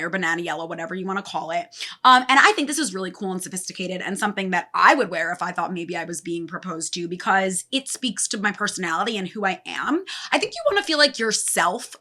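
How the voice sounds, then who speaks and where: Bright-voiced chatty woman podcast host. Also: mid-range voice. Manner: chatty, eating while talking, many fillers. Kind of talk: casual chat.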